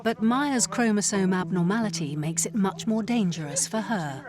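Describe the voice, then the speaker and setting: A woman giving measured, scripted narration for a documentary. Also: mid-range voice, a crowd in the background. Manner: measured, explanatory.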